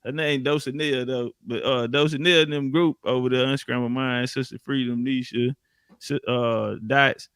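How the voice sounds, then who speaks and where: Man, relaxed guest, smooth clear tone, dry close sound. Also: mid-range voice, moderate pace, dry recording. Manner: relaxed, slangy, laughs often. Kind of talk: casual conversation.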